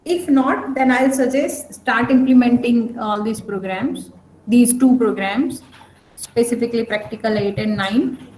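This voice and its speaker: With a measured pace and a voice on the high side, a little mellow, a woman leads an online programming lecture. She often breaks off to confirm that students are with her. Echo and faint noise come through in the recording.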